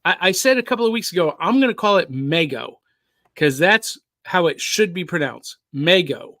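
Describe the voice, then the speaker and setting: Chatty bright-voiced male podcast host. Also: high voice, expressive, moderate pace, no room sound. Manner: reads viewer comments aloud, chatty and opinionated. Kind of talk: casual live-stream chat.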